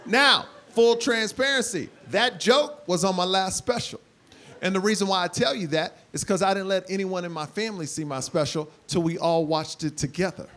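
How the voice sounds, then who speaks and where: A man in his forties performing stand-up on stage in front of a live audience, telling stories animatedly and bursting into loud impressions. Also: high voice, normal speed. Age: 40s. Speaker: stand-up comedian. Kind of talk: stand-up comedy.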